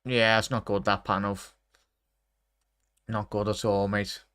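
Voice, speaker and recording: A man's voice: on the low side, little pitch movement, unhurried, fairly bright tone, clear, resonant tone, dry recording, studio quality. A young man in his twenties from England, hosting a live football watchalong stream, chatting with viewers, reading out their messages and commenting on the match. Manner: chatty, reads out viewer messages, calls everyone mate.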